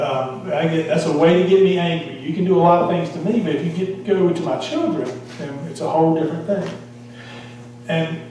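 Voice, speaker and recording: Give me a man preaching a sermon, a bit high-pitched, with a faint hum behind him. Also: dark tone. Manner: storytelling, asks the congregation questions. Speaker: pastor. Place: church sanctuary. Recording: echoey church hall, from far off.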